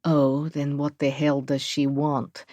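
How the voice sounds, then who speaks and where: A woman's voice: deep voice, completely flat delivery, slow pace, dark tone, no echo. A woman voicing a haughty woman of about thirty with an Eastern European accent, throaty and mocking, speaking broken English.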